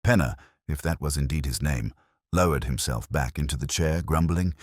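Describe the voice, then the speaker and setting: A man reading a detective story aloud in measured scripted narration. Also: a bass voice, dry recording, clean studio sound.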